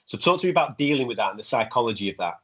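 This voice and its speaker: A man interviewing a guest, asking questions in a quick, enthusiastic way. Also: mid-range voice, expressive, fairly bright tone, husky. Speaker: interviewer, sports broadcaster. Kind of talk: casual interview. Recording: muffled lo-fi audio.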